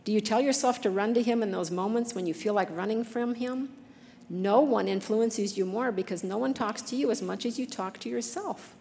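A woman's voice: fairly high pitch, moderate pace, creaky, a little mellow, in a large hall, a little hiss or hum. A woman giving an earnest, conversational devotional talk, reading scripture passages with feeling.

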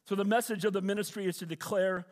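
A man's voice: high voice, steady tone, fast talker, big-room sound. A middle-aged man, a pastor, preaching a sermon and often asking the congregation for an amen.

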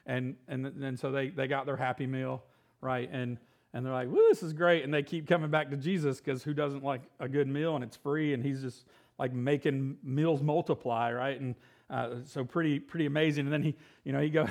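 A man preaching a sermon, reading scripture aloud and then talking it through casually, with quick laughs and sudden excited outbursts. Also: mid-range voice, vocal fry. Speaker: pastor.

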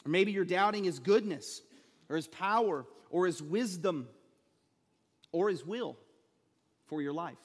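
High-voiced pastor preaching in a hall. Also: male voice, expressive. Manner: preaching with rising emphasis and dramatic pauses. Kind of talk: sermon. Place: church sanctuary.

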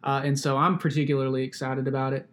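A man's voice: mid-range voice, little pitch movement, quick pace, a bit bright. A young man from Alabama preaching a sermon in a conversational way, with stories and asides. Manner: conversational, uses sports stories and tag questions. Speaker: pastor.

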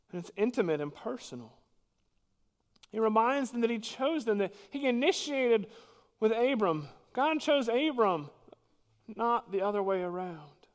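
A man preaching a sermon as pastor, earnest and emphatic, dropping suddenly to quiet at times. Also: high voice, long reverb tail.

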